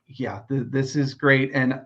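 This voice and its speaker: A man co-hosting a podcast, speaking in a measured, knowledgeable, dry way. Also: medium pitch, fairly even intonation, fairly bright tone. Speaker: podcast co-host. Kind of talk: casual chat. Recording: muffled lo-fi mic.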